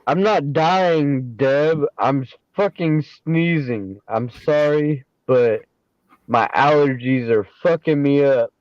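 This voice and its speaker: A man's voice: fairly high pitch, takes it slowly, darkish tone, no room sound. A man jokes and heckles in crude, casual talk. His voice comes through dull and dry, a bit muffled and close. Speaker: chat guest. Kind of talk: casual chat.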